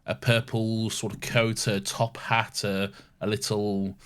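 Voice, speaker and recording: A man's voice: lowish voice, little pitch movement, measured pace, a bit bright, smooth. A man co-hosting a podcast in casual chat, teasing his co-host and swearing freely.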